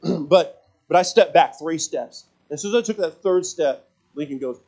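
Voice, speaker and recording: A man's voice: a little high, normal speed, darkish tone. A man in his forties, a pastor preaching a sermon who tells a funny personal story, then turns earnest.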